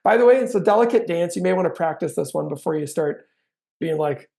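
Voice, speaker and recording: Man, middle-aged, gravelly voice, sales trainer, chatty teaching talk, acts out example lines. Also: on the high side, expressive, a little fast, mellow.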